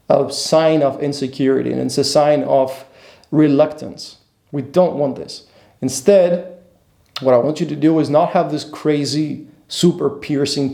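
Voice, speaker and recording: A man's voice: fairly high pitch, mellow, reverberant. A man coaching other men on dating in a blunt, emphatic monologue, repeating his points and swearing casually. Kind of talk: instructional monologue.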